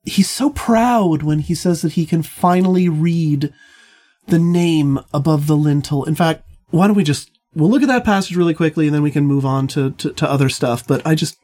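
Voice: medium pitch, normal speed, a little mellow. An instructor leading a literature seminar, speaking thoughtfully with frequent restarts and hedges.

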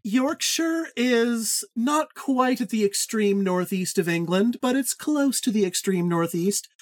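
A woman's voice: on the high side, lively intonation, measured pace. A woman hosting a podcast book quiz, playful, handing out points. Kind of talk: casual podcast chat.

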